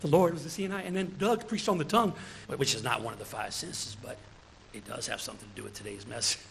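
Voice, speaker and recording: A deacon preaching a sermon in a church, lively, chuckling between his points and calling out praise. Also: medium pitch, fast talker, gravelly, a little hiss or hum, low-quality recording.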